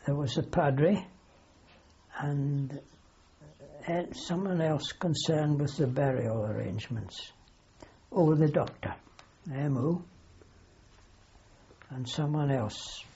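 A man's voice: on the high side, slow, gravelly, long pauses, warm tone, highs cut off. An older man, a wartime aircrew veteran, telling a long anecdote in an oral history interview. He rambles, corrects himself as he goes and keeps a dry humour.

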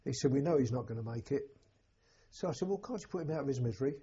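An older English man, a war veteran, telling an oral history in a halting, plain-spoken way with a husky voice. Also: mid-range voice, animated, warm tone, muffled recording. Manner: halting, plain-spoken storytelling with many restarts. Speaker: war veteran recounting memories.

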